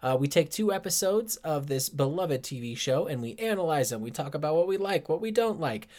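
A man's voice: fairly high pitch, lively intonation, fairly quick, a little mellow. Easygoing man co-hosting a podcast. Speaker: podcast co-host. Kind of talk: casual chat.

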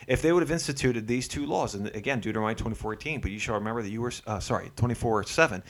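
Man, podcast co-host, casual chat, emphatic, laughs often. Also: fairly low pitch. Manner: emphatic, reads scripture quickly, laughs often.

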